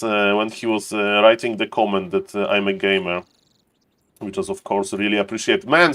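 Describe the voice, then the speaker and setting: Chatty streamer man greeting viewers. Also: lowish voice. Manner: chatty, laughs often, greets viewers by name. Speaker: streamer and game caster. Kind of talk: casual livestream chat to viewers.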